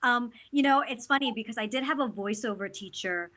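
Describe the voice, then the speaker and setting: Bright-voiced chatty woman actor. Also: a little high, brisk. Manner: animated, chatty, many fillers. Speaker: guest actor. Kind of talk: casual interview talk.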